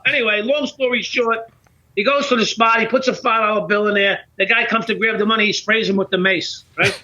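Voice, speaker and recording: A middle-aged man tells a story as a podcast guest, animated and profane, acting out both sides of the dialogue. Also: high-pitched, brisk. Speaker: podcast guest, former police officer. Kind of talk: casual storytelling in conversation. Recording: dull lo-fi podcast audio.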